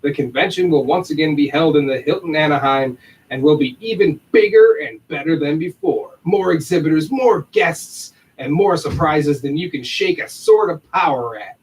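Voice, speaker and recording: A man's voice: fairly high pitch, expressive, moderate pace, distant mic, slight background noise, low-quality recording. A man co-hosting a podcast livestream, reading an upbeat announcement and then chatting and laughing loosely. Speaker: podcast co-host.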